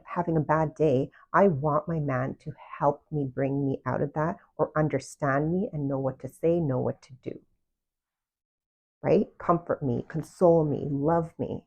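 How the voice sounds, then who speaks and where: A woman with a low voice gives casual self-love coaching straight to the listener. She talks earnestly and keeps putting direct questions to the people she is addressing. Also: darkish tone, slightly rough, highs cut off. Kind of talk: casual motivational talk to camera.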